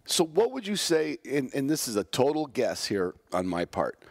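A man's voice: medium pitch, very animated, moderate pace, vocal fry, darkish tone, no echo. Casual male podcast host, dry sound. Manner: casual, chatty, shares his own anecdotes. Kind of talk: interview conversation.

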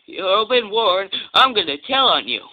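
A man playing a cheeky young male tank engine from a homemade storybook tale, pleading and quick to tattle. The voice sits fairly high and swings lively. The recording is tinny and phone-like. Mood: indignant. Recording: tinny phone-like home recording with faint hiss.

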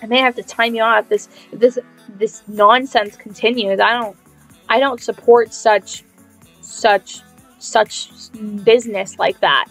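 A woman's voice: on the high side, steady tone, unhurried, a bit bright. Sarcastic young woman game streamer. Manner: mock-dramatic, sarcastic, repeats phrases. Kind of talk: casual live-stream chat. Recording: faint music behind.

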